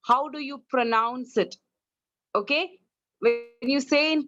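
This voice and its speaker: A woman's voice: high voice, slow, muffled recording, over music. A woman with an Indian English accent teaching English online, correcting her students' pronunciation and drilling them. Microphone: online class, video call.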